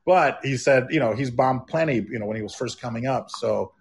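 A male guest chatting casually, telling stories with frequent restarts and stumbles. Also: medium pitch. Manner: halting, many restarts when telling stories. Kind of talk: casual chat.

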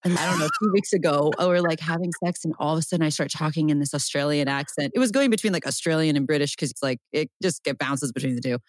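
A woman co-hosting a podcast, telling a story in a playful, animated way. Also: sits low, fast, hardly any pauses, dry recording, clean studio sound. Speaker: podcast co-host. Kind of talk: casual podcast chat.

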